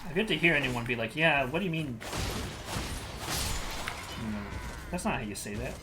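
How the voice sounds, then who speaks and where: A man's voice: mid-range voice, normal speed, music in the background. Swearing Spanish-native male game streamer. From South America. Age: 30s. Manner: swears a lot, excitable outbursts. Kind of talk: casual gameplay commentary.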